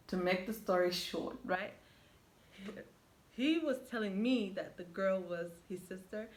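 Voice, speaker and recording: A young woman recounts a personal story for her vlog in a casual, chatty way, talking directly to her viewers. She slips into the voices of the people in the story as she goes. Her voice sits in a middle range, with a faint hiss in the background. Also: medium pitch. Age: young adult. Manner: animated storyteller who acts out quoted dialogue. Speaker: vlogger.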